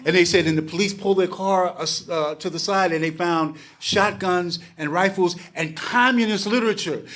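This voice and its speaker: An older man in his sixties tells a lively personal story to a packed room. He slips into other people's voices as he goes and swears without fuss. His voice sits a little high for a man. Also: normal speed, few pauses. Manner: animated storyteller who acts out voices and swears casually. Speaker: panel speaker. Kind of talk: storytelling talk to a live audience. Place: packed bar event space.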